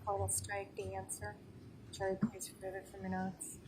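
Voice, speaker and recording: A woman's voice: medium pitch, completely flat delivery, normal speed. A woman serving as a judge in a courtroom, giving brief, decisive rulings. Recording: very noisy, distant courtroom audio.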